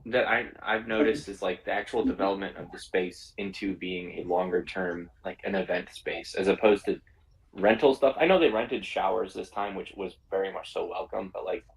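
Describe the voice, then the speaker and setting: A man's voice: deep voice, moderate pace, gravelly, low-quality recording. A man co-hosting a podcast, talking in a rambling, hesitant way with many fillers. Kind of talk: casual chat.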